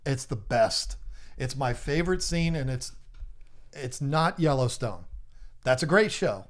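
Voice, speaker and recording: A man's voice: medium pitch, lively intonation. A man, hosting a casual live stream and teasing viewers as he runs through their guesses. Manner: playful, teasing, lists guesses rapidly. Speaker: livestream host.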